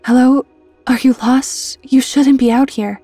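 A woman voicing a grown man, a former soldier, who calls out gently and coaxingly in a horror story. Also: on the high side, steady tone, a little fast, breathy edge, dry recording, faint music behind.

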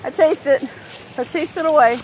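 A woman voicing her playful, eager male dog outdoors by a creek, in a squeaky, high put-on voice. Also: normal speed, a little mellow, a little hiss or hum, lightly acted, low-quality recording. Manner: squeaky high put-on voice with big pitch swoops.

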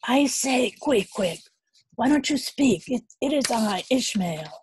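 A woman's voice: fairly low pitch, expressive, normal speed, mellow, a little hiss or hum, close to an everyday voice. A woman reading the lines of an anxious young sailor, calling out urgently and pleading for help.

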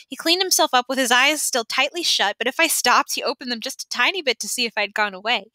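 A woman's voice: fairly high pitch, fast, pushed and bright, no room sound, pitched above the performer's own voice. Woman doing a mischievous little girl. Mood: teasing. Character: girl of ten, mischievous teasing chatterbox.

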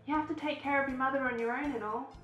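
A woman's voice: high voice, steady tone, fast talker, a bit bright. Chatty woman narrating a game. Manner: chatty, giggly, reading the game text aloud. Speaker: let's play host. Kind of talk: casual gameplay commentary. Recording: echoey room with background music.

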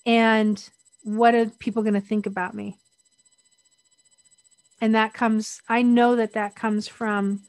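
A woman's voice: mid-range voice, dry recording. A middle-aged woman speaking as an interview guest, candid and reflective, often restarting her sentences.

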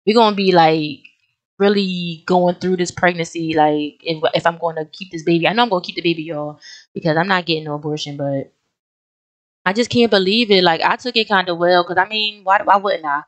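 A young woman hosting a life-sim let's play, talking casually and excitedly straight to her viewers, often breaking into exclamations. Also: fairly low pitch, brisk. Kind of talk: casual gameplay commentary.

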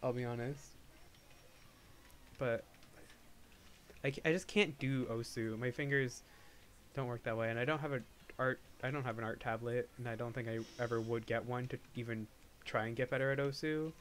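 A man's voice: medium pitch, steady tone, moderate pace, long pauses, fairly bright tone, slight background noise. A young man streaming live, chatting casually and rambling, often restarting his sentences. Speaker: livestreamer. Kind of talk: casual livestream chat.

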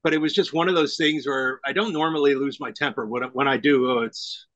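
Man, middle-aged, bright tone, dry sound, animated storytelling. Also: mid-range voice, fairly quick, no echo, dull audio. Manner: animated storyteller who acts out quoted lines. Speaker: podcast guest. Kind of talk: casual conversation.

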